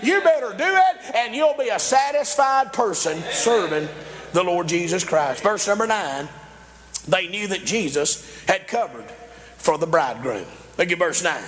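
A man's voice: high voice, lively intonation, a little slow, fairly bright tone. A man, a pastor, delivering a folksy sermon, exclaiming often and laughing between points.

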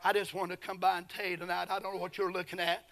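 A middle-aged man preaching a sermon, fervent, swinging from hushed storytelling to shouted praise. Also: high voice, flat delivery, quick pace. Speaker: pastor.

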